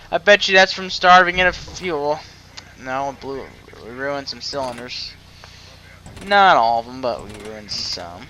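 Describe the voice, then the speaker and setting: A man's voice: fairly high pitch, a little slow, bright, forceful tone. A man hosting a casual flight sim gameplay commentary, rambling and restarting his sentences as he talks. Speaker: host. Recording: engine noise under the voice. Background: aircraft engine noise from the game.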